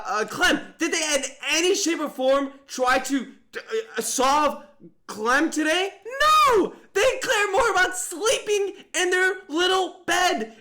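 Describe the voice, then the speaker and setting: Excitable high-voiced young man streaming. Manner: excitable, exclaiming in disbelief, thinking aloud. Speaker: streamer playing and commentating an online mafia game. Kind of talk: live game commentary.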